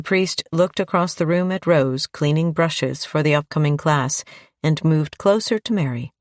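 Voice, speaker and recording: A woman narrating a crime audiobook in a steady, measured read on a close mic. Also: deep voice, no room sound. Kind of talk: scripted narration.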